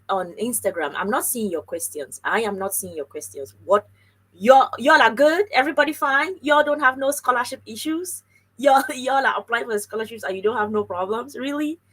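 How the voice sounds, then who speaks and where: Woman, live-stream host, breathy, lively and chatty, speaks straight to viewers. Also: a little high, normal speed, low-quality recording. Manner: chatty, animated, talks straight to viewers and reads comments aloud. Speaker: livestream host on scholarships. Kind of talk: casual live-stream chat.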